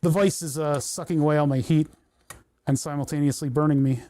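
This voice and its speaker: A man's voice: on the high side, fairly even intonation, a little fast, mellow. A man chatting casually on a livestream while he solders, thinking aloud and talking to the parts in his hands. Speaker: electronics livestreamer.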